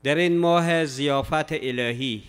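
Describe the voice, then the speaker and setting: A man hosts the program and addresses viewers with formal courtesy. He talks at a very fast clip in a smooth, resonant voice. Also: fairly high pitch, faint music behind. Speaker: program host. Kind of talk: formal announcements.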